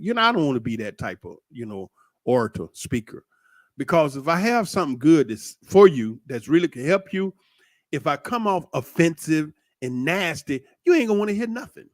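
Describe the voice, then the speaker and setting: Man, middle-aged, animated preachy monologue, higher voice that swings widely, dry close sound. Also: no room sound. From United States. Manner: animated, preachy, swearing freely. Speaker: commentator. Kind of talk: casual monologue.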